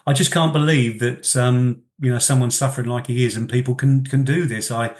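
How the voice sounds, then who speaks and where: A man's voice: mid-range voice, fairly even intonation, a little fast, a little mellow. A man co-hosting a casual podcast from a home kitchen, hesitant with stumbling restarts and chuckles. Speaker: podcast co-host. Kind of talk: casual chat.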